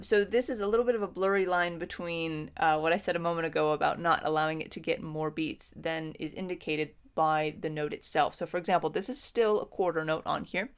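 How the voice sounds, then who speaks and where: A woman with a fairly low voice teaches a music lesson. She explains patiently and step by step, pausing on ums as she thinks. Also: smooth. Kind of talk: instructional lesson.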